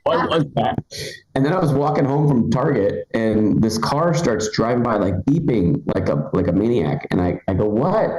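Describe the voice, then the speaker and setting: A man doing stand-up in a comedy club, his voice on the low side and bouncing around an echoey room. He talks in a halting way, full of ums and restarts, then jumps high and loud whenever he quotes someone. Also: lively intonation. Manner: rambling, halting delivery with many ums and restarts. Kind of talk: live stand-up set.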